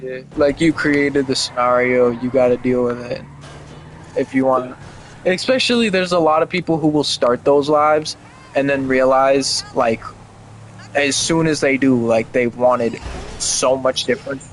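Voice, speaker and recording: A young man streams a game and chats casually, rambling with lots of "like" and swearing. His mid-range voice moves at a measured pace, over slight background noise in a low-quality recording.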